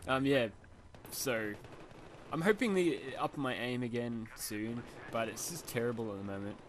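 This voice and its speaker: A man's voice: mid-range voice, moderate pace, a little hiss or hum. A young Australian man with a slight lisp and a sniffly nose, rambling casually over his gameplay with lots of fillers. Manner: rambling, self-deprecating, many fillers. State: sniffly from hay fever. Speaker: gamer.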